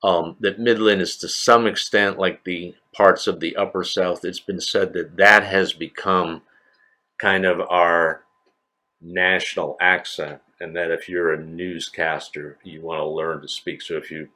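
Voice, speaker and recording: Deep-voiced older male lecturer, rambling. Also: fairly even intonation, unhurried, bright, forceful tone. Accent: slight New England. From New England. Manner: rambling, many fillers and restarts. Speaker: university lecturer. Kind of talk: recorded classroom lecture.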